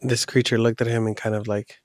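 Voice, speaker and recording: A man spins a spooky tale in a loose, rambling way, like chatting with a friend. His voice sits at a middling pitch and sounds dry and close, with no room around it. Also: flat delivery, fairly quick, no room sound. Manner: loose, rambling retelling with slang. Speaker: podcast host telling a horror story. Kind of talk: casual storytelling.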